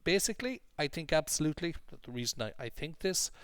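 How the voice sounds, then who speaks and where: A man with an English accent teaching vocabulary in an online lesson, explaining clearly and emphatically with many repeated examples. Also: on the high side, sing-song, fast, a bit bright, no room sound.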